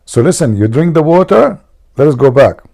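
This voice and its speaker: A man's voice: fairly high pitch, big pitch swings, normal speed, creaky, mellow. A man hosting a livestream, teasing his viewers and laughing at his own jokes. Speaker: livestream host. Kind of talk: joking livestream chat.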